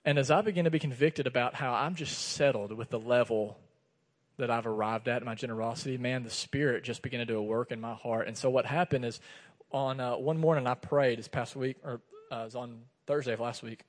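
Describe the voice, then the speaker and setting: This pastor's voice sits in the mid range and moves a bit quickly as he preaches. He tells a personal story with animation, voicing the dialogue himself, and the sanctuary adds a long hall reverb.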